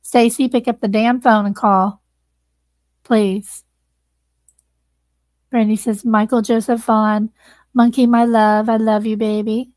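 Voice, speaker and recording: A woman's voice: on the high side, little pitch movement, takes it slowly, pauses often, darkish tone, no room sound. A woman hosting a livestream, earnestly thanking viewers and close to tears. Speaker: livestream host. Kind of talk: casual livestream sign-off.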